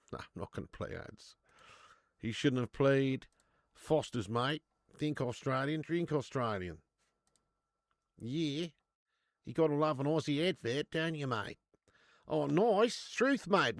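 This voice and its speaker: A young man hosting a live football watch-along, chatting casually, swearing freely and answering viewers' comments out loud. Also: fairly high pitch, dry recording, clean studio sound. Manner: excitable, swears, reads chat comments aloud. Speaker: live-stream host.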